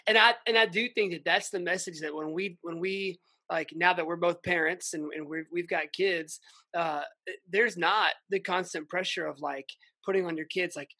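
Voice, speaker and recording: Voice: mid-range voice, fairly even intonation, normal speed, sharp tone, dry recording. An interview host in a casual faith conversation, speaking in an earnest, reflective and affirming way.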